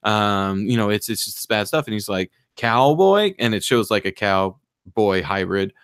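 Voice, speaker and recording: A man hosting a casual podcast, rambling through a movie plot and briefly mimicking the characters in quick voices. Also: lowish voice, level tone, a bit bright, clear, resonant tone, no room sound, clean studio sound. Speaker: podcast host.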